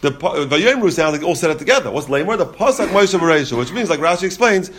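A man's voice: on the high side, big pitch swings, quick pace, fairly bright tone, slight background noise. A man teaching a Talmud lesson, explaining the text step by step. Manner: explains step by step, mixing Yeshivish terms into English.

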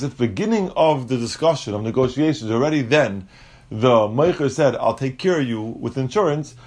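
A man teaching a Talmud lesson, explaining step by step and mixing English with Aramaic and Hebrew terms. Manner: animated, jumps in pitch when acting out quotes.

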